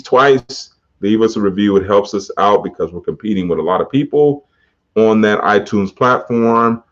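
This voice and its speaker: Slangy low-voiced podcast host. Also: male voice. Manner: slangy, conversational, laughs often. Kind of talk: casual motivational monologue. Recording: dull muffled podcast audio.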